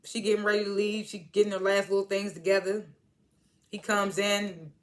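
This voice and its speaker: A woman's voice: medium pitch, level tone, moderate pace. A woman casually recapping a TV episode, chatty and slangy as she retells scenes. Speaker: TV show reviewer.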